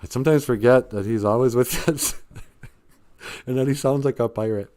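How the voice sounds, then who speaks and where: A man's voice: medium pitch, normal speed, darkish tone. A man hosting a casual live stream, rambling and jokey, laughing often and trailing into fillers.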